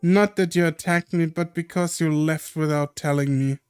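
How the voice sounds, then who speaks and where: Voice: mid-range voice, fairly even intonation, moderate pace, darkish tone, smooth, no room sound, soft background music. A streamer reading a visual novel aloud in an earnest, emotional way.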